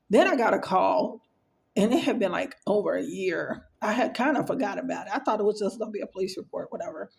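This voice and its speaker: Woman with a gravelly edge telling a personal story. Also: mid-range voice. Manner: conversational, acts out quoted dialogue, frequent fillers. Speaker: storyteller sharing a personal experience.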